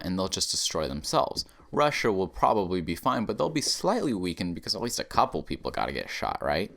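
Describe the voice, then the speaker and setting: A low-voiced American man tearing through a satirical rant, swearing freely and dripping with sarcasm. His pitch swings wildly as he lurches between mock outrage and mumbled asides. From United States. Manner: profane, sarcastic, animated rant. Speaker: comedy podcast host.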